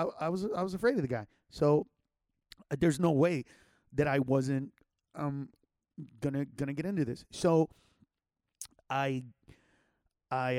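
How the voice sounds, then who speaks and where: A man's voice: mid-range voice, a little mellow, clean tone, no room sound, studio quality. A man telling a childhood story in a loose, rambling way, with slang and many restarts. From Los Angeles area. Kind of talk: casual personal storytelling.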